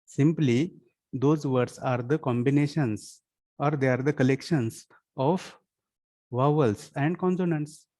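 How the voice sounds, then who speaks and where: This college lecturer is a man with a mid-range, warm voice who speaks slowly. Teaching his class, he keeps asking "yes or no?" to see if students follow, and switches into Marathi and Hindi to explain.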